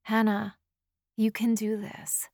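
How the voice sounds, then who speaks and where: A woman's voice: medium pitch, completely flat delivery, takes it slowly, darkish tone, no room sound, clean studio sound, voice pushed up. A woman reading an audiobook, voicing a caring young woman best friend who reassures firmly and teases bluntly. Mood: encouraging. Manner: firm, reassuring, teasingly blunt.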